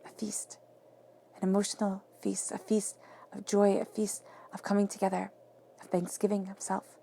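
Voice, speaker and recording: Gravelly-voiced woman giving a tarot reading. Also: medium pitch, completely flat delivery, normal speed, slight background noise. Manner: emphatic, affirming, often drops to soft whispers. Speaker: tarot reader.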